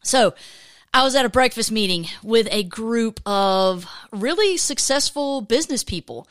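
A woman's voice: a little high, unhurried, dry recording. Woman, late forties, podcast host, chatty, laughing, dry close sound. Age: 40s. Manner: chatty, laughs often, animated storytelling. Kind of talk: casual faith podcast chat.

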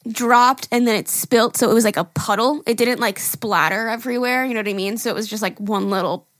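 Woman cohost, kinda high voice, swears a lot, dry close mic. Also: brisk, fairly bright tone, no room sound. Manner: chatty, swears, laughs often. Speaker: podcast co-host. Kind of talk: casual chat.

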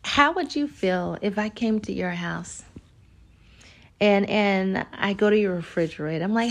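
Gravelly-voiced woman hosting a casual podcast. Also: medium pitch, moderate pace. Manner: conversational, animated, acts out little scenes. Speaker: podcast host. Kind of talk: casual podcast monologue giving dating advice.

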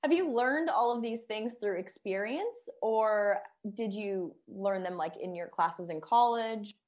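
A woman with a mid-pitched voice co-hosts a podcast in relaxed chat. She talks quickly, laughs often, and asks her guest questions. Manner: chatty, laughs easily, quick. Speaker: podcast host, personal trainer. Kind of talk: casual chat.

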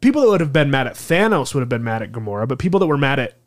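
Man, podcast co-host, enthusiastic, mid pitch, casual fan talk. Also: very animated, racing. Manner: enthusiastic, explains at length.

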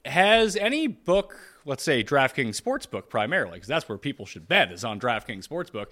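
A man's voice: medium pitch, sing-song, moderate pace, pushed and bright. A man hosting a casual sports betting podcast, teasing his co-hosts and asking them questions. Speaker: podcast host.

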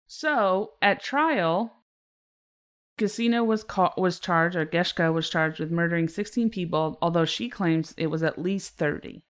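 A woman's voice: fairly low pitch, measured pace. A woman co-hosting a casual true-crime podcast, reading case notes and breaking into laughter. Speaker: podcast co-host.

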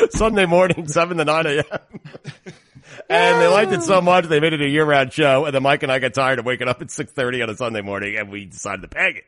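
A man's voice: on the high side, brisk, a bit bright, no echo, studio quality. A man hosting a casual talk show, teasing his co-hosts and laughing often. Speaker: sports radio host. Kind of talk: casual banter.

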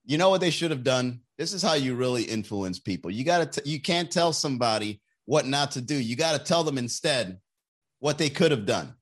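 A man's voice: mid-range voice, lively intonation, fairly quick. A man ranting casually and comedically as a podcast host, loose and slangy, swearing and laughing at his own jokes. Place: Miami area.

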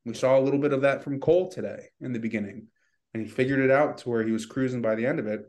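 A man's voice: mid-range voice, fast talker, darkish tone. Rambling man in casual sports podcast chat. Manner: rambling, frustrated, hesitant. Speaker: podcast co-host.

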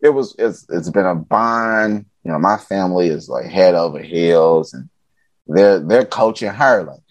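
A man's voice: low-pitched, unhurried, no room sound, dull audio. A man from Chicago, a podcast guest telling stories in casual talk, acting out what people said, loose and a little profane. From Chicago, USA. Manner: animated, acts out quoted dialogue, casual and profane. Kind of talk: casual storytelling conversation.

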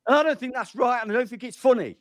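A man's voice: very high voice, racing, a bit bright, no room sound, studio quality. A man co-hosting a live-stream podcast, angry and stressed, ranting and repeating himself as he argues over a video call. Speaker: podcast co-host and fan. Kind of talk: heated live-stream argument.

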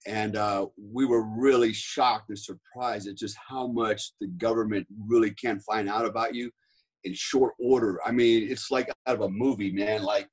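Man, middle-aged, from the US, husky, podcast guest, casual rambling storytelling. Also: lowish voice, fairly even intonation, moderate pace. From United States. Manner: rambling, profane, lots of fillers.

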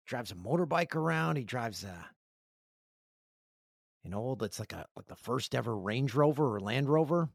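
A man's voice: mid-range voice, lively intonation, moderate pace, vocal fry, long pauses, dry recording, clean studio sound. A man hosting a podcast, a joking, rambling storyteller in casual chat. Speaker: podcast host.

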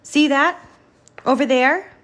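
A woman's voice: high-pitched, slow pace, a bit bright, pitched above the performer's own voice. A woman voicing a tall, bossy male crane truck from a storybook, speaking in a commanding way. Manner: clanging, commanding.

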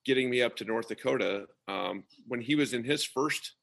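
A man, relaxed and easygoing, talking in a sleepy early-morning voice on a remote call. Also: mid-range voice, moderate pace, creaky. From Nebraska. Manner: relaxed, easygoing, frequent ums. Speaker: guest, high school coach and former athlete. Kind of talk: casual interview storytelling.

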